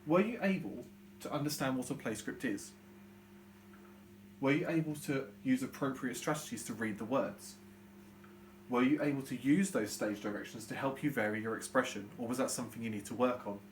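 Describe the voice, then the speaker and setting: A young British man teaching a recorded online lesson to young children, explaining step by step in a clear, patient way. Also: medium pitch, animated, a little fast, a little hiss or hum. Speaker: primary school teacher.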